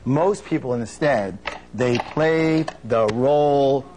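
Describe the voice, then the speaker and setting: A man giving a live motivational seminar on stage, energetic and playful, drawing call-and-response answers from the audience. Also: slow, noisy background. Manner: playful, acts out quotes in high silly voices.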